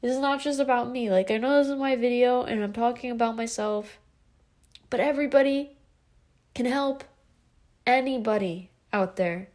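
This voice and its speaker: A woman's voice: fairly high pitch, moderate pace, a little mellow. A woman in her twenties talking in an emotional, rambling confessional vlog, tearful and full of fillers. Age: 20s. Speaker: vlogger.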